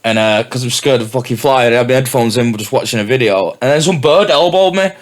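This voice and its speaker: Sweary young guest DJ. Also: male voice, medium pitch, quick pace. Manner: candid, sweary, laid-back. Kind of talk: casual chat.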